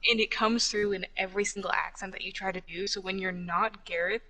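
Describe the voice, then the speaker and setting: A woman's voice: medium pitch, steady tone, brisk, sharp tone, rough recording. A young woman co-hosting a casual podcast about roleplay, chatty and laughing often, with many fillers. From Hispanic background. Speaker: podcast co-host.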